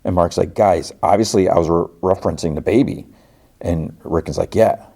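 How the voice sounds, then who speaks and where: A man's voice: deep voice, normal speed, creaky, mellow. A man hosting a podcast, casually retelling a TV episode and quoting its characters, laughing now and then. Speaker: podcast host.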